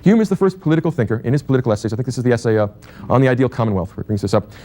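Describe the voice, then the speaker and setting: A man lecturing at a very fast clip, words tumbling out in long chained clauses. His voice is dark and mellow, and he thinks aloud, doubling back with restarts and quick asides. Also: mid-range voice, sing-song. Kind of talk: university lecture on political theory.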